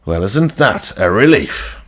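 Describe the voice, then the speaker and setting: A man voicing a careless, gruff farm father who talks in an offhand way. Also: on the low side, big pitch swings, measured pace.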